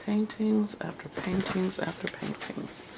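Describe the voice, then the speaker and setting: Woman crafter, gravelly low voice, rambling home vlog chat, noisy room. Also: steady tone, unhurried. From United States. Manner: chatty, talks to herself while rummaging, laughs often. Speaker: crafter and vlogger. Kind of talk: casual chat to viewers.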